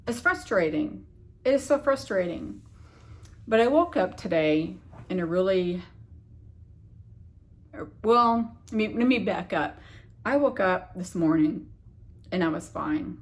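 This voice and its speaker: A woman's voice: mid-range voice, expressive, a little slow, long pauses. A woman vlogger telling a rambling personal story into her phone, circling back and restarting as she goes, frustrated and puzzled. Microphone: phone camera.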